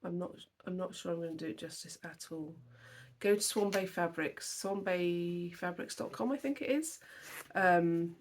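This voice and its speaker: This is a casual to-camera chat from a young woman's home, where the flosstube host rambles emotionally about cross-stitch projects from her dining table. She has a lowish voice at normal speed, and there's a little hiss or hum.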